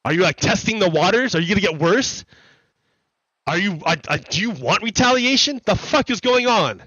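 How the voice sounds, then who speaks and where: High, bright-voiced ranting streamer man. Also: animated, normal speed, no echo, highs cut off. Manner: profane, heated, repetitive ranting. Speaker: livestream host. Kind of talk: ranting commentary during a gaming stream. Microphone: streaming desk mic.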